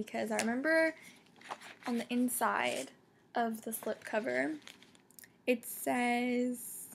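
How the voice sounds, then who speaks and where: A young woman reviewing a book casually, excitable and full of fillers and restarts. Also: on the high side, takes it slowly, gravelly, long pauses, a little hiss or hum. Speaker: book vlogger.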